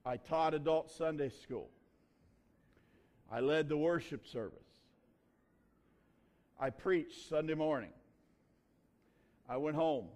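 A male pastor delivers his sermon in a relaxed, folksy manner, telling stories with homespun grammar. His voice sits a little higher than most men's. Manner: folksy, conversational preaching with dialect grammar. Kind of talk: sermon with personal story.

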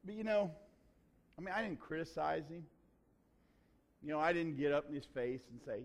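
A pastor preaching a sermon in a folksy, conversational way, telling a personal story. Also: male voice, fairly high pitch, animated, moderate pace, vocal fry, long pauses.

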